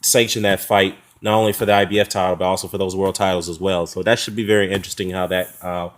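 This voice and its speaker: A man's voice: sits low, little pitch movement, quick pace. A man talking in a heated, mocking vlog rant, with frequent fillers and short laughs. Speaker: boxing commentary vlogger. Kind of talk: casual ranting response video.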